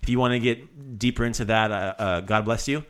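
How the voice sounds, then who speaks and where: A man co-hosting a podcast, patiently teaching a friend Croatian phrases in a casual lesson and repeating them slowly. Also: mid-range voice, fairly bright tone.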